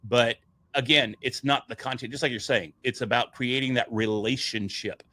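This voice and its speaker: A man with a bright, forceful voice tells his story with energy, slipping into the voices of the people he quotes. He talks the way a seasoned stage speaker chats with a friend, loose and conversational. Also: mid-range voice, normal speed. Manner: animated, acts out quoted dialogue. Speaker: public speaker and podcast guest.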